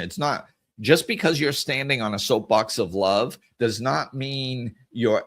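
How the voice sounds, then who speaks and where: A middle-aged man with a somewhat low voice talks in a reflective, earnest monologue. He quotes scripture and circles back on himself, repeating words and correcting his phrasing as he works through his thoughts. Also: fairly bright tone. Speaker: podcast host.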